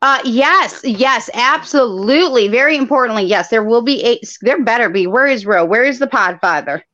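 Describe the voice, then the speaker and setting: A woman's voice: a little high, expressive, moderate pace, a bit bright, highs cut off. A woman co-hosting over a video call, chatting in a bubbly, enthusiastic way. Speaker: co-host. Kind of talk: casual chat.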